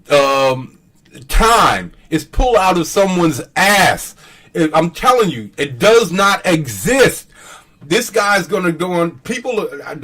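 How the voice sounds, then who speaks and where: A man's voice: fairly high pitch, sharp tone. Guy ranting on his channel, swears a lot, laughs at stuff, voice jumps all over. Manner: scoffing, profane, laughs often. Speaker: commentary channel host. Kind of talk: casual ranting commentary.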